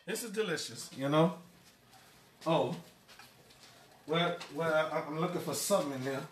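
A man's voice: on the high side, normal speed, heavy background noise. A man hosting a home cooking live stream, stammering and repeating words as he chats with viewers. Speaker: cooking show host. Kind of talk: casual live-stream chat. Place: home kitchen. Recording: echoey kitchen, distant mic.

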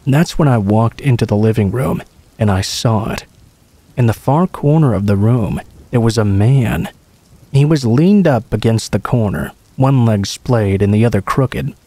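A man reads true scary stories aloud with a mellow, dark tone. His telling is steady and casual, like a friend recounting something that happened to him. The voice sits close and dry, with no room sound around it. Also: on the low side, a little slow, no echo. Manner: steady, casual first-person storytelling. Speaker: horror story narrator.

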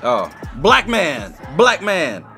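A young man doing a playful roast while reacting to a music video, with sudden squeaky high outbursts. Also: wildly swooping pitch, slow, creaky, sharp tone. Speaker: comedy reaction youtuber. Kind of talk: joking reaction commentary.

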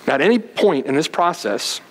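A pastor preaching an earnest sermon, retelling scenes vividly. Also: male voice, a little high, very animated, brisk, slightly rough, big-room sound, poor audio.

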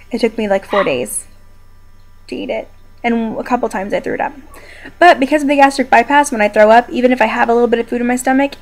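A young woman talking casually to her viewers from home while injured and in pain, rambling but upbeat. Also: a little high. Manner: chatty, rambling, quietly upbeat despite pain. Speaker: video blogger. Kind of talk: casual personal vlog. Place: downstairs room at home.

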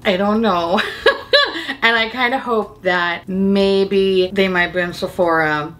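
A woman's voice: medium pitch, slow pace. A woman, a beauty YouTuber, chatting casually about makeup, swearing freely and laughing often. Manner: profane, giggly, animated and opinionated.

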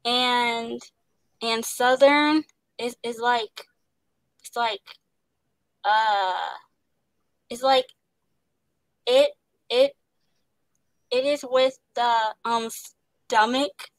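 A woman's voice: fairly high pitch, steady tone, drawn-out words, long pauses, no echo, poor audio. A young woman who stutters heavily, with many fillers and repeated words, talking about acting as a guest. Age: young adult. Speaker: guest, actor. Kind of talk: casual interview.

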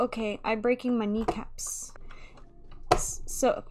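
A young woman with a fairly high voice, drawing out her words slowly as she narrates her game live. She is playful and theatrical, pleading with other players, and faint keyboard clicking sits behind her. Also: steady tone, a little mellow, slight background noise. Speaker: gaming YouTuber. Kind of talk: live gameplay commentary. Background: keyboard typing and clicks.

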